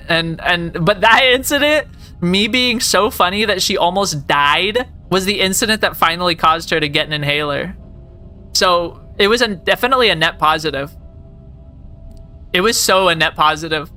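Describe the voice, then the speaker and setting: A woman in her late twenties rambles through silly stories on a live game stream, sprinkling "like" everywhere and playing up the jokes. Her voice is bright and sharp. Faint music plays under her. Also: mid-range voice, moderate pace. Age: late 20s. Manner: rambling, jokey, heavy use of "like". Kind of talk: casual live-stream chat.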